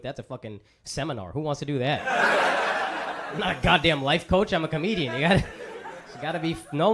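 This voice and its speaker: A man's voice: on the high side, heavy background noise. A man doing a brash, profane stand-up set with crowd work, in his thirties. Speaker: stand-up comedian. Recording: live club set, audience laughter. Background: crowd laughter.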